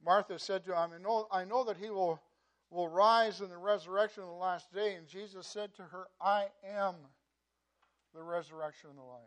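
A man preaching a sermon in a conversational way, often repeating words and saying "you know", swinging between loud emphasis and quiet asides. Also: high-pitched, fairly even intonation, moderate pace, highs cut off. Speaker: pastor.

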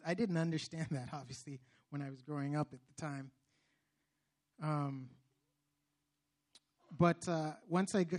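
High-voiced young man preaching his testimony. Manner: earnest, preacherly, with many restarts and sudden loud emphatic bursts. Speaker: speaker giving testimony. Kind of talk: testimony sermon.

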